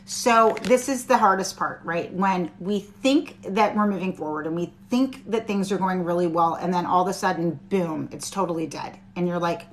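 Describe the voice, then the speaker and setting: A woman's voice: lowish voice, moderate pace, few pauses, slight background noise. Lady doing a live tarot stream, chatty and reassuring, talks right to her viewers. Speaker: tarot reader.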